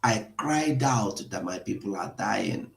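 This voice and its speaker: An impassioned man talks slowly and with weight, hosting a live broadcast. He pleads and grows emotional, now and then rising toward a shout. His voice rings around an echoey room. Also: fairly low pitch, expressive, gravelly. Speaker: online broadcast host.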